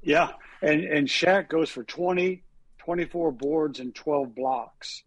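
A man's voice: fairly high pitch, takes it slowly, breathy edge, no echo. A man co-hosting a casual sports talk show, telling rambling anecdotes packed with statistics and fillers. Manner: rambling, stat-heavy storytelling with frequent fillers. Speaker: sports reporter and co-host.

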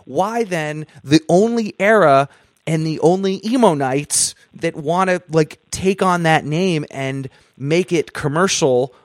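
A man hosting a podcast interview, talking earnestly in a halting way and repeating himself as he works out a point. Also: fairly high pitch, dry recording, clean studio sound. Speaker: podcast host.

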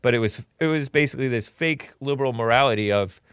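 A man's voice: medium pitch, fast talker, few pauses, fairly bright tone, clean tone, dry recording, clean studio sound. Blunt opinionated male talk host. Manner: blunt opinionated rambling with sarcastic asides. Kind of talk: political call-in talk show.

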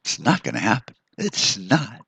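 A man's voice: lowish voice, sing-song, normal speed, vocal fry, a bit bright, breathy edge, no echo. A man hosting a solo podcast, delivering a profane, rambling rant full of restarts. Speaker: podcast host. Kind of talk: ranting solo podcast monologue.

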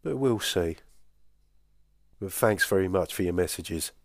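A man's voice: deep voice, expressive, measured pace. A man hosting a podcast, chatting casually and hesitantly as he answers listener voice messages, poking fun at himself. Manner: hesitant and self-deprecating, with many fillers. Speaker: podcast host.

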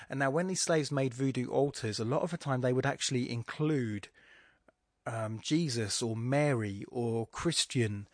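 A man's voice: medium pitch, no echo, clean studio sound. A man hosting a poetry show, musing and thinking aloud as he gives an informal analysis of a poem. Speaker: poetry podcast host.

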